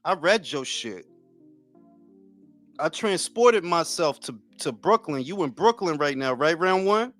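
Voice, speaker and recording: A man's voice: a little high, expressive, measured pace, fairly bright tone, faint music behind. A man in his forties hosting a boxing talk livestream, chatting casually with viewers in loose, profane, joking banter. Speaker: boxing talk show host.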